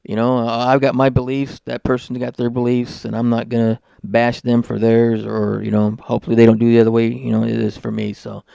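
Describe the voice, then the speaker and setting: An easygoing male podcast host with a gravelly yet smooth voice. He talks agreeably and repeats his words, and the recording sounds close and dry. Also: mid-range voice, completely flat delivery, brisk, few pauses, warm tone, no room sound. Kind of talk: casual interview chat.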